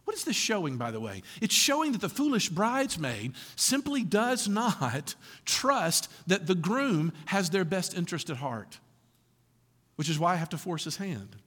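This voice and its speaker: A man preaching a sermon to a congregation, animated and full of rhetorical questions, often laughing through his lines. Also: sits high, normal speed, husky, long reverb tail. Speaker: pastor.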